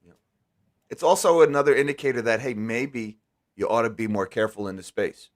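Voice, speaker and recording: A man's voice: medium pitch, brisk. A man hosting a casual live stream, talking candidly and with emphasis, often restarting his words. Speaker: host.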